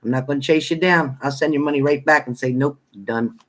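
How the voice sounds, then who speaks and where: A tarot reader talks casually to a live-stream audience in a plain, straight-talking way. The voice is playful and quick to laugh as it greets viewers one by one. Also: mid-range voice, slight background noise. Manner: chatty, greets viewers by name; laughs often, playful banter.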